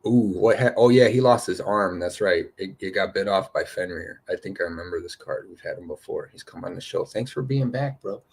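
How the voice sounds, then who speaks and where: Rambling excitable man, low voice. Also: fairly quick, creaky, few pauses. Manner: loose and excitable, full of "you know" and "right?". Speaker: host of a spiritual card-reading show. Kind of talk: rambling casual chat.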